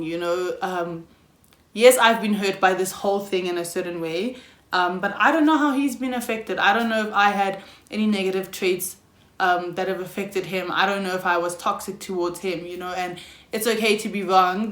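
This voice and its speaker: A woman's voice: medium pitch, a bit bright. A young South African woman with a South African accent, talking frankly in a personal vlog, swearing freely and laughing often. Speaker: YouTuber. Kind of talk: candid personal vlog monologue. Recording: roomy echo.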